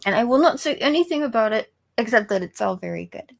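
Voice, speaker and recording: High, animated chatty woman. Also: a little fast, creaky. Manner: chatty, giggly, animated storytelling. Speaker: guest artist. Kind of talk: casual chat.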